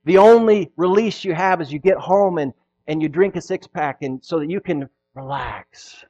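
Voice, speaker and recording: Pastor guy preaching, goes loud then real quiet, does little voices, kinda high pitched. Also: moderate pace, dull audio. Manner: animated, acts out quoted voices, swings between loud and hushed. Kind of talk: sermon.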